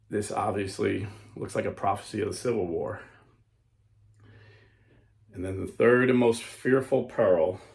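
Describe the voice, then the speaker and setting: A low, gravelly male voice reads an old account with slow, stressed dramatic lines and breaks off to explain in plain talk. He sounds like the host of a Catholic commentary show, recorded in a roomy space with an echo. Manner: slows and stresses lines when reading aloud, then explains plainly.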